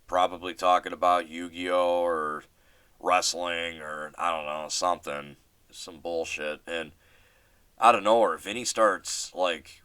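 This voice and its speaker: A man's voice: sits low, sharp tone, clear, resonant tone, dry recording. A man hosting a casual solo podcast and telling a story in a rambling way, with lots of fillers and restarts and casual swearing. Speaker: podcast host.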